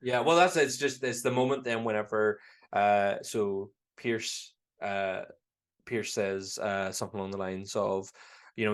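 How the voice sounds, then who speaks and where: A man with a Northern Irish accent, co-hosting a casual podcast chat, animated, acting out quotes and laughing often. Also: on the low side, moderate pace. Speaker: podcast co-host.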